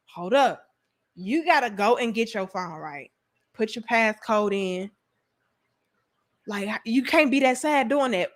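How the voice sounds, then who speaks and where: A woman host giving casual commentary straight to her viewers. Her voice is high and bright. She talks slangy and blunt, teasing the audience and swearing freely.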